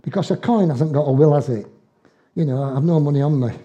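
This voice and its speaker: Older man, sermon, folksy storytelling, very mellow tone, slightly high pitch. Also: a little fast, highs cut off. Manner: folksy storytelling with dialect and chuckles. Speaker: preacher.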